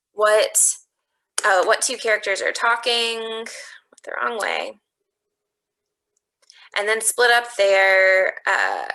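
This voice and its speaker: A woman's voice: medium pitch, sharp tone, low-quality recording. A woman teacher walking students through a recorded online lesson, thinking aloud step by step as she types. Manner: thinks aloud step by step, explaining her reasoning.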